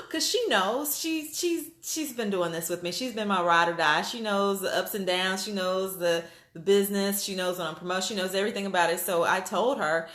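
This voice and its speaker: Woman vlogger, mid pitch, chatty and excitable, echoey room. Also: moderate pace. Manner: animated, excitable, many fillers and restarts. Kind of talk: casual storytelling to viewers. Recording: roomy echo.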